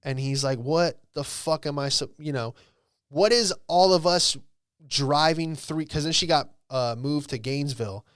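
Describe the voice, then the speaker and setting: Young male podcast host, smooth clear voice, dry close mic, swears and rambles. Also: a little high, moderate pace, fairly bright tone, no echo. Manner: profane, rambling, lots of "bro" and "dude". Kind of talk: casual storytelling monologue.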